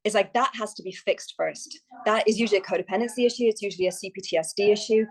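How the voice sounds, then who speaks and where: A woman's voice: medium pitch, fast talker, low-quality recording. A woman guest on a podcast, a success coach talking candidly and telling stories in a chatty way. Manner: chatty, candid storytelling with quoted asides. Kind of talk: podcast interview.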